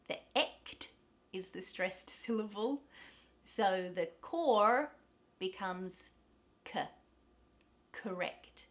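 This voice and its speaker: An Australian woman teaching pronunciation, repeating example words slowly and clearly. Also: medium pitch, fairly bright tone. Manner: demonstrates words slowly, repeating each several times. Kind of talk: pronunciation lesson.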